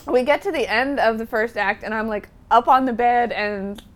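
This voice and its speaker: A woman's voice: fairly high pitch, moderate pace, a bit bright. A woman co-hosting a casual podcast chat, teasing her friends and laughing often. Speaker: podcast co-host.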